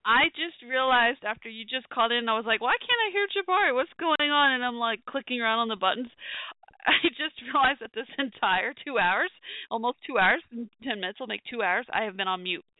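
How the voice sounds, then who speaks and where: A woman's voice: fairly high pitch, a little fast, dry recording. A woman hosting a call-in talk show, flustered and laughing in embarrassment. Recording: tinny phone-line sound.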